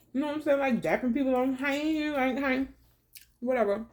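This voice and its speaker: A woman chats casually to camera in a storytelling vlog. She talks in a relaxed, slangy way, calling her viewers baby and y'all. She eats her meal between stories. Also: high-pitched, brisk. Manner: eating while talking. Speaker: vlogger.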